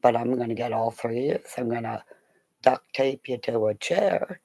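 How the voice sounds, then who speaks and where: Rambling gravelly-voiced woman. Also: extremely low pitch, moderate pace, warm tone. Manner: rambling, swears freely, drops into whispers. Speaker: vlogger. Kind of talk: rambling casual monologue.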